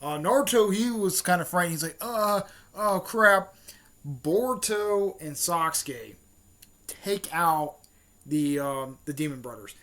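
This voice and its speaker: A man's voice: fairly high pitch, a little slow. A man retelling a story in a casual, rambling way, full of fillers, restarts and offhand swearing. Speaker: fan channel host.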